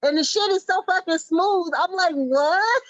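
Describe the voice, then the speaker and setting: Woman, high pitch, wry storyteller, profane, dry close sound. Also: moderate pace, fairly bright tone, dry recording, lo-fi sound. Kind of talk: casual storytelling chat.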